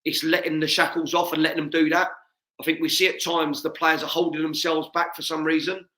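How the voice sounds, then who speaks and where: A middle-aged English man with a Watford-area accent talks football in easy, matey banter. His voice sits a little high and sounds bright and forceful. The call picks up an echoey room around him. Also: level tone, a little fast. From England. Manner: warm, laughs often, matey banter. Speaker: guest, former footballer. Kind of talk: casual video-call chat.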